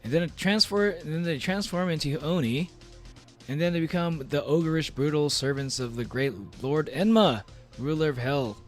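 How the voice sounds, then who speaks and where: A man's voice: a little high, normal speed. A man streaming casually, reading aloud and reacting with playful, rambling jokes in character as a demon, full of fillers and restarts. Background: faint background music.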